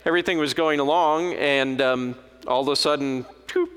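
A man's voice: a little high, moderate pace, a bit bright, clear, resonant tone. A man preaching a sermon in a conversational, storytelling manner. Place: church. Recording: long hall reverb.

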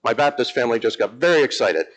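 A man who is an Episcopal priest, preaching a lively, emphatic sermon in church with humorous asides. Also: mid-range voice, quick pace, slight background noise, poor audio.

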